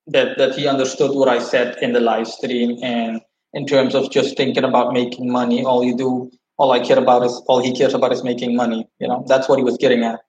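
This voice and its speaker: A man's voice: medium pitch, fairly quick, a little hiss or hum. A man telling a long story to his livestream viewers, rambling, cursing and restarting as he goes. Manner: rambling, profane, animated retelling. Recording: roomy, slightly dull sound.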